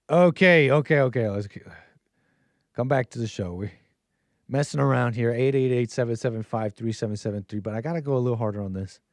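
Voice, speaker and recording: A man hosting a call-in livestream, chatting loosely and chuckling through his own jokes. His voice sits at an ordinary male pitch and sounds close and dry, with no room around it. He rambles from point to point in a casual way. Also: a little mellow, no room sound. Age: adult with a child. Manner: rambling, joking, laughs often mid-sentence. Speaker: call-in show host.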